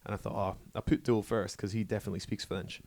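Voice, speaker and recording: A man's voice: lowish voice, flat delivery, fast, a little mellow. A man co-hosting a podcast in a casual, teasing manner, bantering with the guest. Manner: teasing, laid-back banter. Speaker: podcast co-host.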